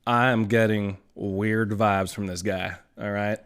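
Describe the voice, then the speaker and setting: A man's voice: fairly low pitch, fairly even intonation, a little slow, fairly bright tone, smooth. A young man streaming, talking casually and giving earnest advice, rambling with many fillers and swear words. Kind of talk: casual chat.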